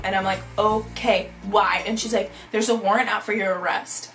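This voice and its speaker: A young woman telling a storytime vlog, bubbly and animated, saying "like" constantly. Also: medium pitch, normal speed, soft background music, low-quality recording. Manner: bubbly, animated, heavy use of "like". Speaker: vlogger.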